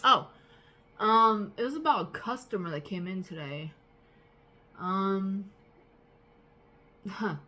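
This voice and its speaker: A woman's voice: medium pitch, lively intonation, takes it slowly, pauses often. Tired, ranting woman with a drawl. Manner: rambling, trailing off quietly, then heated and profane. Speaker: vlogger. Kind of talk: casual rant to camera.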